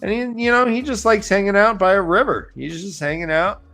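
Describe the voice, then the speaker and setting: A man's voice: high-pitched, a little fast, sharp tone, faint music behind. A man co-hosting a casual book podcast, retelling scenes with jokes and acted-out quotes. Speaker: podcast co-host. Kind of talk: casual book-recap chat.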